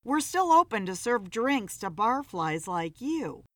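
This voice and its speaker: A woman reading a story, voicing a teasing young female bartender with a lively, high voice. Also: a little slow, no echo.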